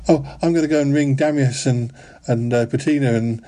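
A man's voice: mid-range voice, a little fast, dark tone. A man hosting a comedy radio-style show, fretful and dithering, full of ums and little chuckles. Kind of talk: comic radio-style monologue.

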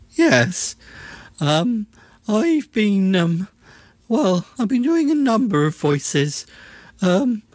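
Man playing a slow, swooping, dithering stage actor, dry mic. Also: extremely high pitch, a little mellow, no room sound, full character voice. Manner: halting, full of ums, theatrical. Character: flamboyant, hesitant male voice actor. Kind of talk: comedy character monologue.

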